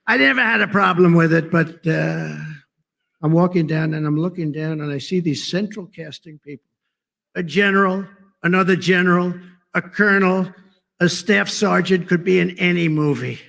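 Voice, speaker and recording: A man's voice: high voice, moderate pace, gravelly, fairly bright tone. A man giving a rambling, off-the-cuff political speech at a conference, full of sarcasm and digressions.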